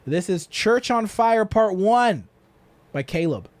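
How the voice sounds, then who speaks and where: A man's voice: high-pitched, expressive, no room sound. A man co-hosting a podcast, joking playfully in casual banter. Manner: playful, joking, quick to laugh. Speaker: podcast co-host.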